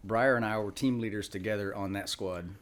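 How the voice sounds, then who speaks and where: Fast-talking low-voiced man telling stories. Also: a little hiss or hum. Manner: rambling, full of "you know" asides. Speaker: podcast guest, retired Marine. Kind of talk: casual storytelling chat.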